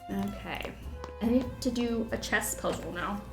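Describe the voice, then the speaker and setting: A woman's voice: mid-range voice, a little slow. Chatty woman streamer, echoey room. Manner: chatty, baby-talks to her dog. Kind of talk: casual gameplay commentary. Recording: echoey room with loud music.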